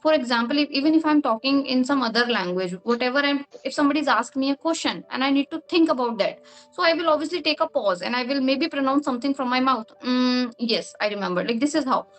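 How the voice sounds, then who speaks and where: A woman with a high voice answers questions in a relaxed, chatty way. Her first language is Hindi, and she explains each point at length, often using "like" as a filler. Faint music plays under her speech. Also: fast talker. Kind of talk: casual interview answers.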